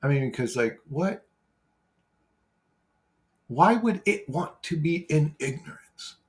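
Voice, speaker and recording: A man's voice: fairly high pitch, lively intonation, slow pace. A brash man who swears freely, rambling casually as he replies to viewer comments. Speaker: YouTuber replying to comments.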